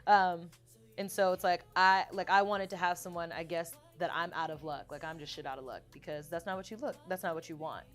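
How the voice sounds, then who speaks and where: Faint music plays behind this interview, where a young woman, a singer-songwriter guest, discusses her songs at a fairly quick clip. Her voice sits slightly low; she laughs a lot and narrates with animation, then softens and hushes while reciting her own lyrics.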